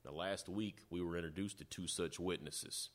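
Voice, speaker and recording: A man preaching a sermon, teaching through scripture in a measured way. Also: sits low, steady tone. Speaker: pastor.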